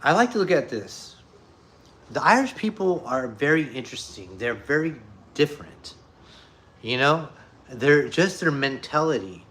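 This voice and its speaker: Rambling, profane man with a bright voice. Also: mid-range voice, big pitch swings, a little slow. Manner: profane, rambling, full of fillers. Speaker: streamer talking to viewers. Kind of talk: casual chat and joke telling.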